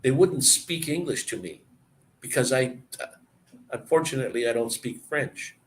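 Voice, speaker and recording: A man's voice: mid-range voice, expressive, normal speed, rough recording. Rambling, opinionated Canadian man. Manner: rambling, opinionated storytelling with restarts. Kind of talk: casual chat.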